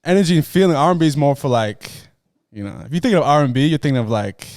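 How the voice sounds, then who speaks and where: A man's voice: a little high, expressive, quick pace, a little mellow, dry recording. Dry-voiced man in casual podcast chat. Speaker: podcast co-host.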